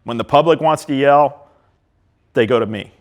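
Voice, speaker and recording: Animated, plain-spoken man giving a talk. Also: mid-range voice, moderate pace. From Ohio. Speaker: park system director giving a leadership talk. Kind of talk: speaking to a live audience.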